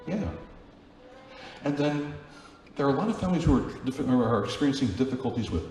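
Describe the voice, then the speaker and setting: A man's voice: medium pitch, expressive, a little fast, mellow, slight background noise. A man, a Catholic priest, giving a conversational Sunday homily and often putting questions to the congregation. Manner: chatty, asks the congregation questions. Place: large church. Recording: very echoey church with long reverb, faint ambience.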